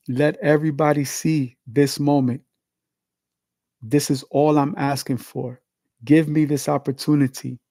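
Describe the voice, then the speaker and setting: A man's voice: on the high side, warm tone, no echo. Earnest man pleading in prayer. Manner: earnest, pleading, repetitive litanies. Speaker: man praying on a livestream. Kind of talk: spoken public prayer.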